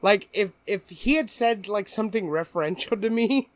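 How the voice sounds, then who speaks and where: A man's voice: high-pitched, expressive, normal speed, no echo. A man co-hosting a podcast, telling a story in casual chat and laughing often as he goes. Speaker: podcast co-host.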